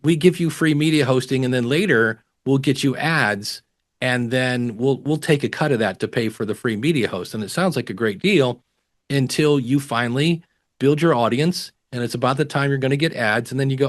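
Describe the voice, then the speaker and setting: Male guest expert, casual and animated, mimics others in quotes. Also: mid-range voice, normal speed. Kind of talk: casual interview advice.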